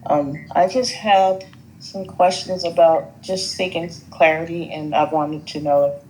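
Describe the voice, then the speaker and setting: A woman's voice: fairly low pitch, steady tone, measured pace, darkish tone, a little hiss or hum, poor audio. A woman caller, new to the group, asking politely and hesitantly for a reading. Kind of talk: casual chat.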